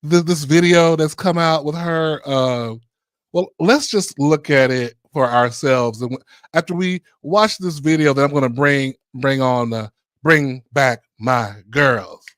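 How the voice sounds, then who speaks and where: A man's voice: fairly high pitch, measured pace, no echo, studio quality. A man hosting a podcast in casual chat, sassy, flamboyant and playful. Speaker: podcast host.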